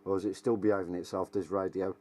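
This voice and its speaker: Bloke on his radio, chatty and jokey, lowish voice. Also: flat delivery, fast, a little mellow. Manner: chatty, jokey, self-deprecating. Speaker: radio hobbyist vlogger. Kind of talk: casual chat over radio and to camera.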